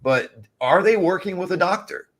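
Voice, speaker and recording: A man's voice: high-pitched, lively intonation, moderate pace. A man co-hosting a casual advice chat, rambling through a story and calling viewers "guys". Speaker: co-host. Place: lives in California.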